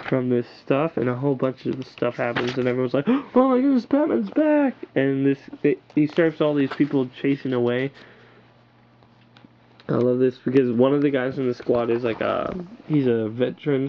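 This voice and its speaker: A man's voice: medium pitch, fairly even intonation, normal speed, slight background noise. Rambling, enthusiastic man, lo-fi camera sound. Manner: rambling and enthusiastic, loose with filler words. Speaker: comic book reviewer. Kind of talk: casual rambling review. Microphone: built-in camera mic.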